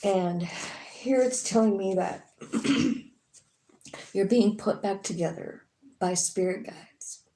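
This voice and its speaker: A woman gives a casual tarot reading, talking frankly, swearing, and using lots of filler words. Her mid-range voice has a dark tone, and she speaks slowly with frequent pauses. The recording has a roomy echo and slight background noise.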